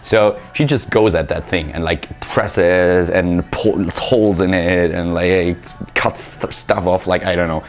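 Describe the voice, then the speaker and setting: A man's voice: sits low, fairly even intonation, unhurried. A man tells a casual story. He rambles, uses lots of fillers, and pokes fun at himself as he goes. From Germany. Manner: rambling, filler-heavy, self-mocking. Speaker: vlogger.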